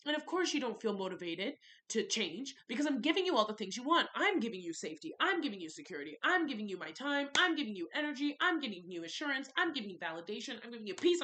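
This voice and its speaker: A woman's voice: medium pitch, lively intonation, fast talker, a bit bright. A young woman vlogging a candid, frustrated story about her relationship, ranting and repeating herself for emphasis. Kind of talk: confessional storytime vlog.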